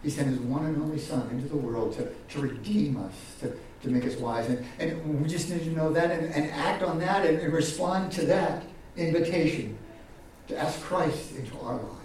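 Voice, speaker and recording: A pastor preaching a sermon, often repeating words and swinging from loud highs to quiet lows. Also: male voice, moderate pace, slight background noise. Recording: echoey hall from far off.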